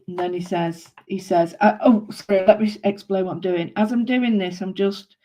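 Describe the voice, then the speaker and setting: A woman's voice: medium pitch, steady tone, moderate pace, warm tone. A woman talks her viewers through a doodling project in a loose, rambling way. She thinks aloud, changes her mind mid-sentence and keeps up a friendly running chat as she works. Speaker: craft vlogger. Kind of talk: casual chat while doodling.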